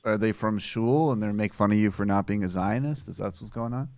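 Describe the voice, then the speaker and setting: A man's voice: on the low side, a little fast, a little mellow, no room sound. A man hosting a podcast, joking and rambling in a casual chat, full of restarts and asides. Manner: joking, rambling with self-corrections. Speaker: podcast host.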